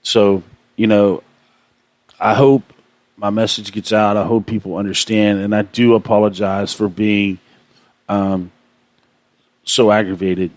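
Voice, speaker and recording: A man's voice: on the low side, flat delivery, a little slow, long pauses, darkish tone, dry recording. Impassioned man ranting on radio. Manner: impassioned, aggravated, repetitive. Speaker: radio show host. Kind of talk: ranting monologue.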